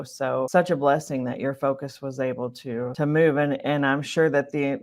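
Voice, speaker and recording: A woman hosting a podcast interview, affirming her guest and speaking in long flowing thoughts. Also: rumbling low. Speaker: podcast host. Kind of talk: interview conversation.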